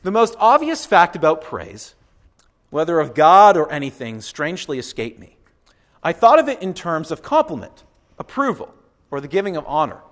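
A man preaching a sermon, animated and emphatic, repeating phrases and acting out what others say. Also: fairly high pitch, normal speed. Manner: animated preaching, emphatic repetition, acts out quotes. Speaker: pastor.

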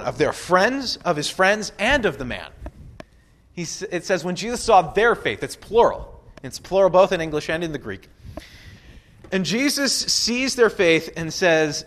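A man's voice: sits high, fairly bright tone. A man preaching a conversational sermon, walking through a Bible passage with casual asides and playful quoted voices. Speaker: pastor.

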